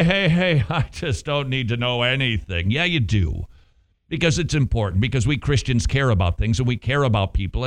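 A man preaching a sermon, animated, with rhetorical questions and playful asides. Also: mid-range voice. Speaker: pastor.

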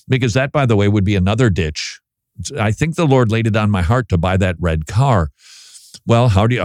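A man's voice: low-pitched, a little mellow, no room sound, clean studio sound. A man hosting a Christian talk show, chatting casually with wry, self-deprecating humor.

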